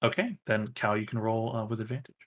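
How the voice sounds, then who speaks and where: A man's voice: lowish voice, animated, quick pace, fairly bright tone. A man narrating as game master of a tabletop role-playing game, in a casual way full of fillers.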